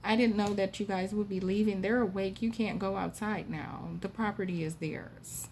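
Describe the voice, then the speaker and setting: Creepy old man over eighty put on by a woman, gargoyle keeper, calm, dismissive, everyday pitch. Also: normal speed, a little hiss or hum, natural voice. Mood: insistent.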